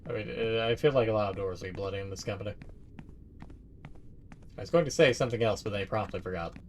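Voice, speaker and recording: A man's voice: on the low side, quick pace, a little hiss or hum. A man streaming a video game, chatting casually and swearing freely as he rambles. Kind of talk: casual let's-play commentary.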